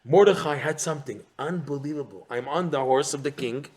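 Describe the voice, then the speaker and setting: A man giving an animated Torah class, repeating phrases and firing rhetorical questions. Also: a little high, fairly quick, slight background noise. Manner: excitable, rhetorical questions, repeats phrases, mixes in Hebrew terms. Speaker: Torah teacher.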